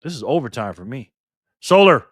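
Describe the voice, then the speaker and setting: A man hosting a casual live stream, reading comments aloud and answering viewers by name in a lively, playful way with lots of laughs and slang. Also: mid-range voice, normal speed, slightly rough, no echo. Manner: mixes slang and internet abbreviations into speech.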